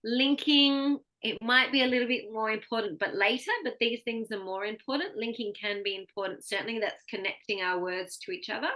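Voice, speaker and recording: A woman's voice: fairly high pitch, fairly even intonation, fairly quick, few pauses, pushed and bright. An Australian woman giving a one-on-one pronunciation lesson, patiently explaining and modeling words for her student to repeat. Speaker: pronunciation coach.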